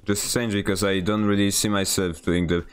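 A man's voice: on the low side, flat delivery, moderate pace, smooth, soft background music. A man from Poland with a Polish accent, streaming a game and chatting with viewers in a rambling, self-deprecating way. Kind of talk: casual gameplay stream commentary.

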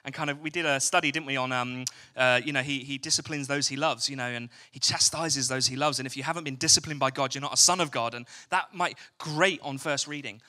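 A young Englishman preaches a chatty evening sermon in a church hall, joking and putting questions to the congregation. His medium-pitched voice is brisk, pushed and bright, with fairly even intonation and few pauses.

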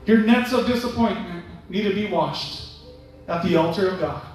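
A man preaches in a church sanctuary, calling out for amens and acting out little scenes of dialogue. His voice sits unusually high. The recording is distant and drenched in the echo of a large hall. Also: moderate pace, soft background music. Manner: calls for amens, acts out imagined dialogue. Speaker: pastor. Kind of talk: sermon. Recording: echoey church hall from far off.

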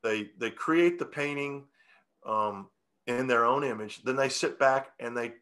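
Bright-voiced rambling songwriter man. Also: medium pitch, a little slow. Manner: rambling, self-correcting, chuckling. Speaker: songwriter guest. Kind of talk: casual interview talk.

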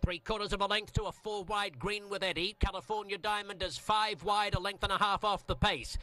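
A man calling a horse race live, with a rapid, rhythmic calling cadence. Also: sits high, steady tone, sharp tone, dry recording. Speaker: race caller.

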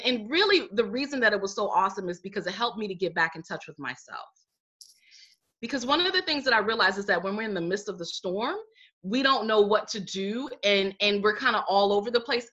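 Middle-aged woman telling her story, bright tone, kinda muffled lo-fi audio, acts out the quotes. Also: mid-range voice. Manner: animated storyteller acting out her own quotes. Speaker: guest, life coach and healer. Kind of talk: casual interview storytelling.

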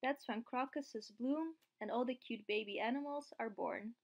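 A woman reading aloud as a lively, enthusiastic young woman. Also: on the high side, normal speed.

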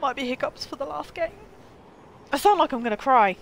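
A woman's voice: high voice, brisk, gravelly, a little hiss or hum. Chatty woman streaming a game. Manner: chatty, excitable, talking to herself. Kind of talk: casual live gameplay commentary.

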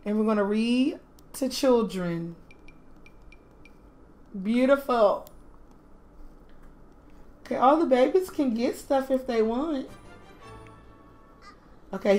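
A woman's voice: fairly high pitch, darkish tone. Doting woman gushing over her game. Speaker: game streamer. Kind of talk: casual gameplay commentary.

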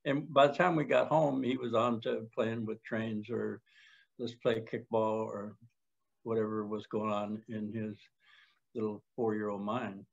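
An older man co-hosting a talk show, telling a story in a calm, halting way with many restarts. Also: on the low side, creaky. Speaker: podcast co-host. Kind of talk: conversational storytelling. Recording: dull lo-fi sound.

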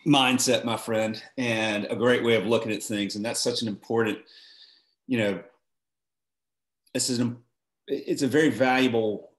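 A man hosting a podcast, affirming his guest in a halting way full of fillers. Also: on the low side, reverberant. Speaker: podcast host. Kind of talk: interview conversation.

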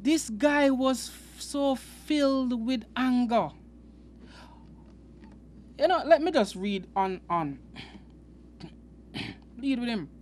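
High-voiced man preaching with halting emphasis. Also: lively intonation, a little mellow, slight background noise. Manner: halting, repeats words, earnest and emphatic. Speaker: preacher and host. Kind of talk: unscripted Bible teaching.

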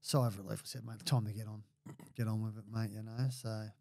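A man's voice: fairly low pitch, fairly quick, vocal fry, no room sound, studio quality. A middle-aged Australian man telling stories bluntly in a casual podcast chat, full of swearing and acted-out quotes. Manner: blunt, sweary, animated when quoting others. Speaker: podcast guest.

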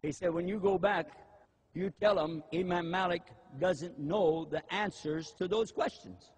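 An older man giving a religious lecture, animated and humorous, often mimicking eager people in a raised voice. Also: high-pitched, a little slow, slightly rough. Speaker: Muslim preacher. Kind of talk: lecture with acted-out asides.

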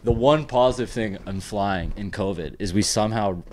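A young man with a notably deep voice co-hosts a casual podcast. He tells stories in an easygoing, rambling way and breaks into laughter often. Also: moderate pace, a little mellow. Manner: laid-back storytelling, laughs often. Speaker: podcast co-host, pro soccer player.

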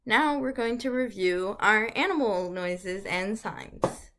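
Slow, bright-voiced woman teaching toddlers. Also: medium pitch, animated. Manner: slow, bright voice, sing-song animal noises for little ones. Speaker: early childhood teacher. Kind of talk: children's lesson video.

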